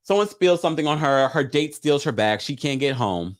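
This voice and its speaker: A man's voice: fairly high pitch, normal speed. Guy doing a casual show recap, voice going up and down a lot, keeps repeating himself. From Jamaican family. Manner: animated, emphatic, repeats points. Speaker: show host.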